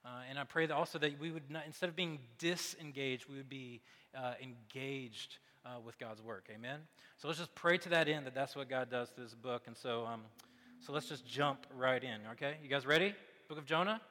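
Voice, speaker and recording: A man in his thirties preaching a sermon in a loose, conversational way, full of fillers and quick asides. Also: medium pitch, sharp tone. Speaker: pastor. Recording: long hall reverb.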